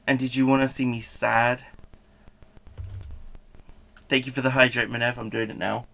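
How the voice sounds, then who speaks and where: A man's voice: medium pitch, little pitch movement, moderate pace, vocal fry, fairly bright tone. A man chatting playfully with his live-stream audience, laughing often as he answers them. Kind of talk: casual live-stream chat.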